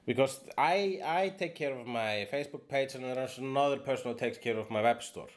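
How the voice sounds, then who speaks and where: A man's voice: medium pitch, a little fast. A man hosting a podcast, chatting casually in a rambling way, full of fillers and the odd curse. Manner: rambling, swears freely, many fillers. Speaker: podcast host. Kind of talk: casual conversation.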